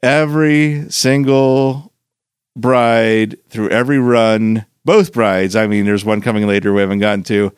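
A man's voice: on the low side, steady tone, unhurried, clean tone, no echo, clean studio sound. A man co-hosting a podcast, chatting casually and enthusiastically with some swearing. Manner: enthusiastic, profane fan talk. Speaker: podcast co-host. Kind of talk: casual chat.

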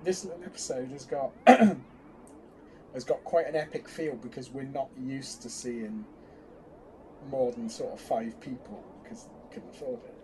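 A man's voice: medium pitch, unhurried, noisy background. A man co-hosting a casual fan chat, talking in bursts with lots of restarts. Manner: chatty, hesitant restarts, animated bursts. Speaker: podcast co-host.

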